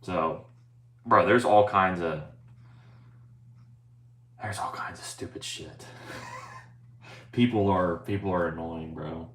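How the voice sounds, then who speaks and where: A man's voice: low-pitched, slow pace, pauses often, fairly bright tone. A young man chatting casually on a live stream, rambling and swearing, often saying "bro" and reading viewer chat aloud. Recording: roomy, faint ambient noise.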